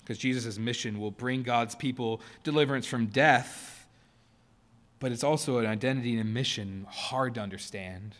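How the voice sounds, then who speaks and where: A man preaching a sermon to his church, earnest, pressing his points hard and then dropping to a softer, quieter tone. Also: medium pitch, normal speed. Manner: earnest, rising to emphatic stresses then dropping soft. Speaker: pastor. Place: church sanctuary.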